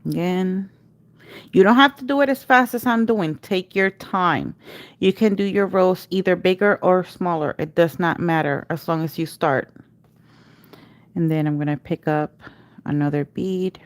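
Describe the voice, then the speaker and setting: Woman nail artist on a livestream, unhurried, lowish voice, patient step-by-step coaching. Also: no echo. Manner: patient step-by-step instruction, chanting repeated cue words. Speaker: nail artist teaching a live class. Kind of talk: livestream tutorial.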